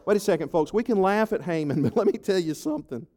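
A man, a pastor, preaching a sermon to his congregation, telling stories and reading scripture in an animated way. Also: high voice, quick pace.

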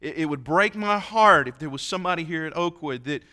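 A preacher delivering a sermon in a church, his bright, tense voice sitting a little high for a man. He tells stories in an earnest, folksy way, warm with the congregation. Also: fairly quick. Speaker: pastor.

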